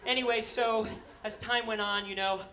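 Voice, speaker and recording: A man's voice: high-pitched, steady tone, normal speed, sharp tone. A man in his forties from New York, telling a rambling, self-deprecating comic story on stage into a handheld mic. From New York, USA. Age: 40s. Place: on a stage before an audience. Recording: noisy live recording.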